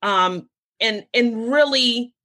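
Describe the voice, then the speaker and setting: Woman hosting a podcast, animated talker. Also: fairly high pitch, takes it slowly. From United States. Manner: animated storytelling, quotes relatives in lively voices. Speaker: podcast host. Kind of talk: casual conversation.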